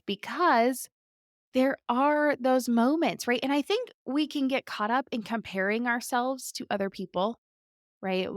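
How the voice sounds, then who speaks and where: A woman's voice: mid-range voice, dry recording, clean studio sound. A woman in her thirties hosting a podcast interview, enthusiastic and chatty, often tagging her points with "right?". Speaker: podcast host. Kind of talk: casual interview chat.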